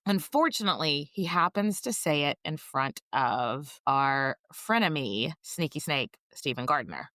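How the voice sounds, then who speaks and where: A woman co-hosting a history podcast, chatting casually and joking, with plenty of swearing. Her pitch swoops animatedly, sitting somewhat low. The sound is close and dry. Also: measured pace, hardly any pauses, dry recording. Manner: swearing, jokey, animated storytelling. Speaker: podcast co-host.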